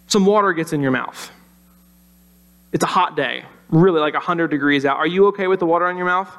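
A man's voice: high voice, a bit bright. A man preaching a children's sermon in a conversational way, asking the kids questions. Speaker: pastor.

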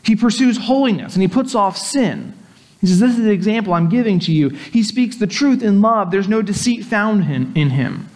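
A man's voice: high voice, lively intonation, moderate pace, darkish tone. A man preaching a sermon as pastor, conversational, acting out the quoted speech of the people he talks about.

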